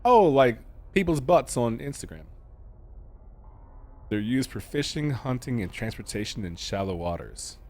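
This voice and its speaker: A man streaming a game, reading its narration aloud slowly and deliberately and breaking off for casual, jokey asides to his chat. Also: medium pitch, expressive, darkish tone, slight background noise. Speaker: gaming streamer.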